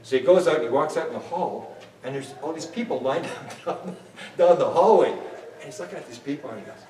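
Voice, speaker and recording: A man in his sixties telling a story as an interview guest, excitable, with many restarts and bits of laughter. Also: fairly high pitch, a little fast, slight background noise. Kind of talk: animated anecdotal storytelling. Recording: roomy and distant, faint ambience.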